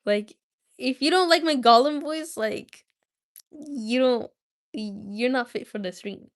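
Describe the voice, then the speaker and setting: A woman's voice: high-pitched, slow. A woman reading a story aloud on a livestream, chatty and breaking off to talk to viewers. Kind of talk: casual read-aloud livestream.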